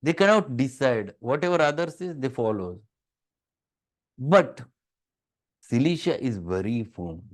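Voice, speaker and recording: A man's voice: mid-range voice, expressive, unhurried, pauses often. A man with a Marathi-tinged Indian English accent gives a classroom lecture, stressing and repeating key words. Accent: Marathi-influenced Indian English. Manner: emphatic, repeats key words, acts out patients' soft replies.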